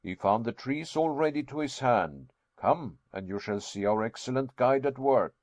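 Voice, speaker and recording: A learned old professor holds forth with emphatic confidence, as a man puts him on. His delivery is loud and lecturing, recorded dry and close. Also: mid-range voice, lively intonation, normal speed, no room sound, lightly acted.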